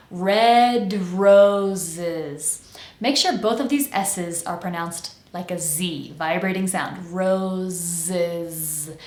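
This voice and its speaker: A woman with an American accent teaching pronunciation, enunciating slowly and stretching out each sound. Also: medium pitch, roomy sound. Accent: General American. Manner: slow, exaggerated enunciation with drawn-out sounds. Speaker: accent coach. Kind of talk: pronunciation lesson.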